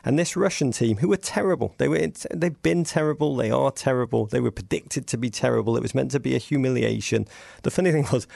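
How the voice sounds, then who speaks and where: Man, podcast guest, heavy vocal fry, dry close sound, sarcastic rambling anecdotes. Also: mid-range voice, fast talker, darkish tone, no room sound. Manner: witty, digressive storytelling with sarcastic asides. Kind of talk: casual podcast conversation.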